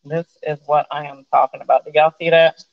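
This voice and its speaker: A woman chatting playfully with her viewers while she cooks in her home kitchen during a live stream, breaking into loud happy exclamations. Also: deep voice, little pitch movement, a little fast, creaky. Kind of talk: casual live cooking stream. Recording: dull lo-fi stream audio.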